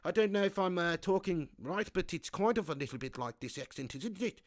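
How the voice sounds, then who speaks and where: A man's voice: high-pitched, expressive. A man doing a hesitant impression of a South African accent. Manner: hesitant, halting.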